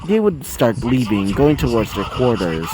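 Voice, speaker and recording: A man's voice: mid-range voice, sing-song, moderate pace, noisy background. A man reading his own fan story aloud, rambling with fillers and asides. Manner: rambling, repeating "as she would say", filler-heavy asides.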